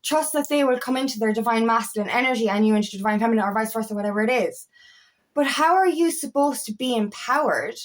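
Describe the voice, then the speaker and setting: A woman speaks straight to camera with raw, unfiltered passion, often swearing and circling back on her words. Her voice sits slightly higher than average. She sounds like a coach venting frankly to her followers. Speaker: empowerment coach. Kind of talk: casual monologue to camera.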